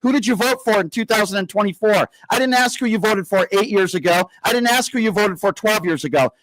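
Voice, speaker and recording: Radio host, male, high-pitched, dry close sound; combative, insulting, deliberately slow lecturing. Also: a bit bright, no echo, rough recording. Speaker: radio talk show host. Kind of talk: live call-in radio.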